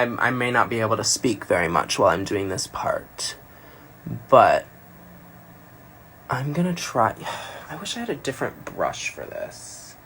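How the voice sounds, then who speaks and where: A man's voice: medium pitch, bright, forceful tone, breathy edge. A man doing a casual makeup tutorial on a phone livestream, chatty and playful, rambling and joking about himself as he works.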